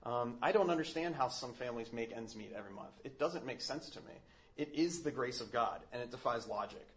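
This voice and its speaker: A man's voice: medium pitch, expressive, brisk, a bit bright. A Catholic man giving a casual teaching talk. He speaks in a thoughtful, earnest way, with many "um"s and restarts.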